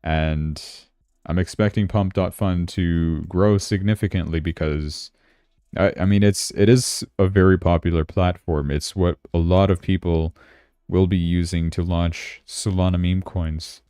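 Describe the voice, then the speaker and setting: A man's voice: low voice, steady tone, a little slow, mellow, clean tone, no room sound, clean studio sound. A man hosting a casual crypto livestream, chatting and thinking aloud as he checks his charts, sounding tired. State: yawning, tired.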